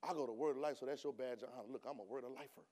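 Guy preaching in church, chatty, lots of questions at the crowd, gets real loud when he pushes a point. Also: medium pitch, very fast. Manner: conversational, rising to loud emphatic bursts; colloquial, rhetorical questions to the congregation. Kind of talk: sermon.

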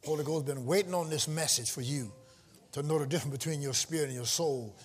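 A man preaching a sermon to a live congregation, calling out questions, teasing the listeners and rising into shouts. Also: fairly high pitch, a little fast. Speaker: pastor. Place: church before a live congregation.

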